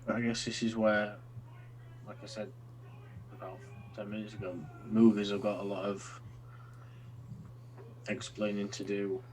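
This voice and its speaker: Curious low-voiced man. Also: flat delivery, measured pace, long pauses, darkish tone, slight background noise, poor audio. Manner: curious, questioning. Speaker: podcast co-host asking questions. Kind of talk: casual chat.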